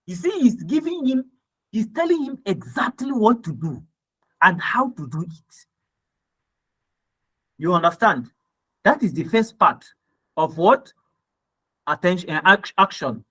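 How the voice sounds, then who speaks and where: This man's high voice swings widely in pitch, bright and forceful with a breathy edge, moving a little slowly with frequent pauses. He has a Nigerian accent and teaches copywriting by screen share, reading ad copy and breaking it down, often adding "right?" and "okay?".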